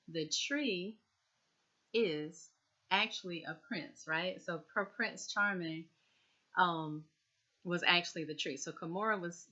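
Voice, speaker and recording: A woman's voice: on the low side, bright, forceful tone, highs cut off. A woman chatting casually as a TV recap vlogger, repeating herself and talking straight to her viewers.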